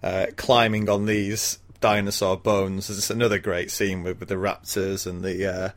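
Guy with a lowish voice retelling a movie, lots of ums and chuckles, chatty. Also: little pitch movement, normal speed. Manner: rambling recap with frequent ums and laughs. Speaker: podcast co-host. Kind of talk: casual film recap chat.

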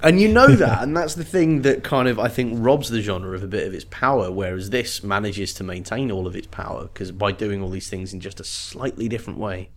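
A man's voice: on the low side, fairly quick, hardly any pauses. A man co-hosting a casual book podcast, talking in a rambling, jokey way. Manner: rambling, jokey, trails into playful voices. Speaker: podcast co-host. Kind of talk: casual book-club chat.

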